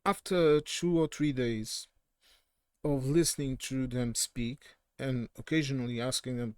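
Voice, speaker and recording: A man's voice: mid-range voice, steady tone, a little slow, clear, resonant tone, no echo. A man from southern Portugal with a Portuguese accent, giving casual, opinionated political commentary in a digressive way and often correcting himself mid-sentence.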